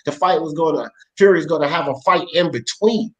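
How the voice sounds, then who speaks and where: Heated, profane sports talk host. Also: male voice, on the high side, a little fast, low-quality recording. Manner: blunt, profane, argumentative; uses street slang. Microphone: podcast mic.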